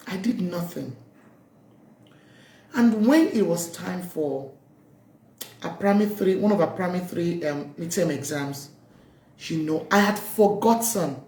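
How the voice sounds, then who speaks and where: A woman's voice: on the low side, darkish tone. Earnest woman advising parents. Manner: heartfelt, pleading, storytelling with many ums. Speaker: parenting speaker. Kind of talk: earnest advice talk to parents. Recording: roomy echo.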